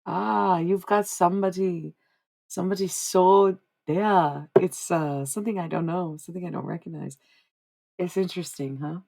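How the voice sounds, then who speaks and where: A woman's voice: lowish voice, fairly even intonation, moderate pace, vocal fry, darkish tone. A young woman livestreaming, chatting casually and giving psychic readings, rambling and repeating herself with frequent laughs. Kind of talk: casual live-stream chat.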